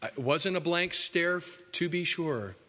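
A male pastor preaching a folksy, joking sermon, dropping low and soft for the solemn points. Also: animated, unhurried, big-room sound.

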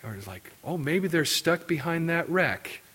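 Animated male pastor telling a story. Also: on the high side, unhurried. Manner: animated storytelling, acting out quotes. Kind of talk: sermon with personal story.

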